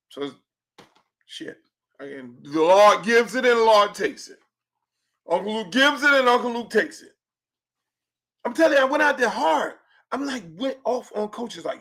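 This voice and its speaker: A man hosting his own podcast, ranting about local sports in a brash, profane way, jumping from loud outbursts to low mutters. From Miami. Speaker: podcast host. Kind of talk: opinionated sports talk.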